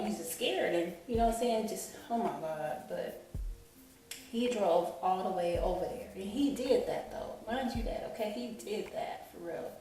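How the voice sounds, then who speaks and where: A woman's voice: on the low side, dark tone. Rambling woman in an echoey room. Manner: rambling, keeps saying "you know what I'm saying". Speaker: channel host telling a personal story. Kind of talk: emotional storytime vlog. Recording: echoey room, distant mic, faint music.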